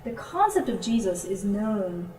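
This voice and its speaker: A woman's voice: mid-range voice, unhurried. A woman missionary speaker giving an informal talk to a church group, telling her stories and acting out the voices of her friends. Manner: storytelling, animated when quoting friends. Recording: roomy, from a distance.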